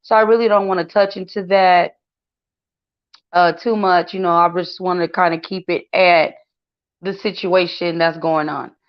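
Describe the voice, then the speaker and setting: Her voice sits on the low side, clean and steady, at a moderate pace, as this woman hosts chatty celebrity gossip commentary loaded with fillers and addressed to "y'all." It's captured with dull, lo-fi sound.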